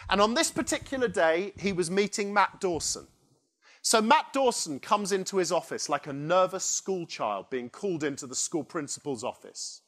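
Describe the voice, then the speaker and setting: A man giving a conference keynote, telling a story in an animated way and acting out the people in it. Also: high voice, normal speed. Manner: animated, acts out quoted characters. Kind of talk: storytelling presentation. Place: conference hall.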